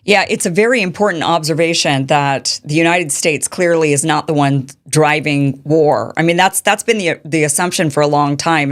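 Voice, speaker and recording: A woman hosting an interview show, talking conversationally and asking rhetorical questions. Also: sits low. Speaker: show host. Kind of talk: interview, casual commentary.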